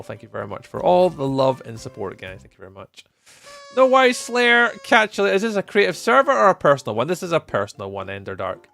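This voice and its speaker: A man's voice: creaky, a bit bright. A young Scottish man chatting casually on a live stream, reading and answering viewer messages. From Scotland. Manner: chatty, jumps high when greeting viewers. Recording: faint music behind.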